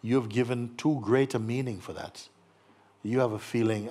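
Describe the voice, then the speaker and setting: A man giving a gentle spiritual talk to an audience, playful and teasing, acting out little voices and laughing as he speaks. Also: mid-range voice, fairly even intonation, normal speed. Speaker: spiritual teacher.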